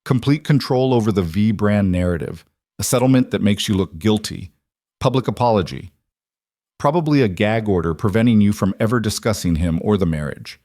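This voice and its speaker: A man voicing a blunt, seasoned woman lawyer who lays out warnings in a brisk, firm way in an audio story. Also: lowish voice, animated, darkish tone, no room sound, studio quality, lightly acted.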